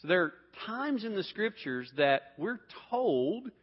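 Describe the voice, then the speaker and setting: A very animated Bible teacher with a high, slightly rough voice speaks unhurriedly, asking his class questions, repeating words and restarting often. His voice is captured with dull sound and long hall reverb.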